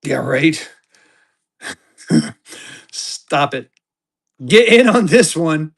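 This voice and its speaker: A man selling collectible banknotes on a live auction stream, talking to his viewers in an excited, chatty way. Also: on the high side, drawn-out words, vocal fry. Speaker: livestream seller.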